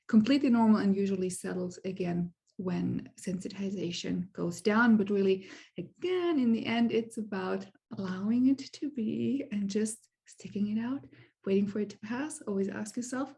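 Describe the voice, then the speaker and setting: A woman anxiety coach on a podcast, explaining calmly and reassuringly, with easy laughter. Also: medium pitch, normal speed, gravelly. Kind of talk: casual explanatory talk.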